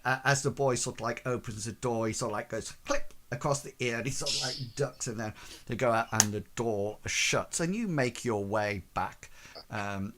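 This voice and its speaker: A man's voice: on the low side, fairly bright tone. Rambling man running a tabletop game. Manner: rambling, full of "sort of, like" fillers. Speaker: game master.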